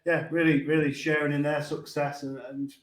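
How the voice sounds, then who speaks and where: A man's voice: a little high, flat delivery, moderate pace. Laughing guest man in an echoey room. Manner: laughs easily, hesitant fillers. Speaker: guest, business coach. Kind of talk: casual chat.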